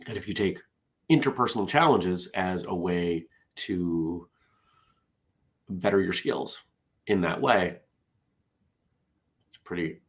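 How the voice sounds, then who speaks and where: A man's voice: low voice, vocal fry. A man hosting a casual solo morning show. He rambles, interrupts himself, and drifts into side stories between the jokes he reads aloud.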